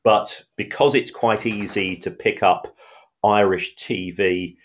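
A man with a very deep voice co-hosts a casual podcast. He talks in a measured, careful way, pausing often with fillers as he explains things. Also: steady tone. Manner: measured, hesitant, many fillers. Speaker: podcast co-host, finance expert. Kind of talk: casual chat.

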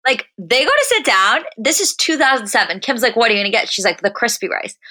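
A woman's voice: fairly high pitch, expressive, fast talker, hardly any pauses, pushed and bright. A woman co-hosting a casual recap podcast, blunt and emphatic, swearing freely. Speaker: podcast co-host.

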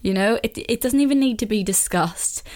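A woman's voice: fairly high pitch, moderate pace, a little mellow. Young Northern Irish woman, solo podcast host; casual, chatty, opinionated, laughs a lot. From Northern Ireland.

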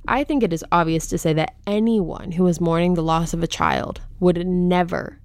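A woman's voice: fairly low pitch, steady tone, moderate pace, a little mellow, clean tone, no room sound. Indignant young woman hosting a podcast. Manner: opinionated, openly indignant. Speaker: podcast host. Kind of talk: casual true-crime commentary.

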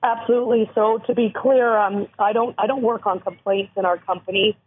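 A woman from Canada with a hoarse voice, speaking earnestly as an interview guest who educates on abuse prevention. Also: mid-range voice, fairly even intonation, fairly quick. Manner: earnest, emphatic, explanatory. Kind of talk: interview over the phone. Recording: tinny phone line.

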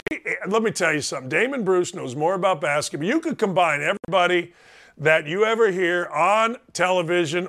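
A man hosting a sports talk show, brash and excitable, often raising his voice for emphasis. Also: high voice. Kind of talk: loud casual sports talk.

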